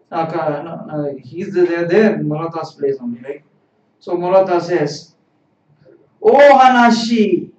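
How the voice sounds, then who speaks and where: A man teaching a Japanese lesson, repeating each phrase and translating it in a deliberate, explanatory way. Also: fairly high pitch, darkish tone. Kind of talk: live-streamed language lesson. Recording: echoey, distant, dull live-stream audio.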